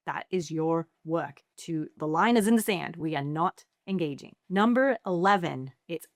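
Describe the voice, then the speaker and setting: A middle-aged woman therapist teaching anxiety skills in a playful, lively way, acting out cheeky comebacks. Her voice sits a little low, and the sound is close and dry. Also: moderate pace, hardly any pauses, no room sound. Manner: playful, acts out sassy quoted replies. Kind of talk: educational talk to camera.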